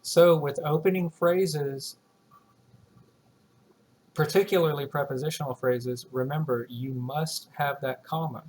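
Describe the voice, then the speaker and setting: A man teaching a writing class, explaining grammar slowly and deliberately and reading example sentences aloud. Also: on the high side, steady tone, a little mellow. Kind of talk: recorded writing lesson.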